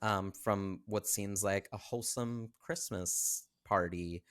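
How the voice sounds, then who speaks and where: A young man co-hosting a podcast, chatting casually about a movie and pausing with ums as he talks. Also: on the low side, fairly even intonation, fairly bright tone. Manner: hesitant, many ums and throat clearing. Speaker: podcast co-host.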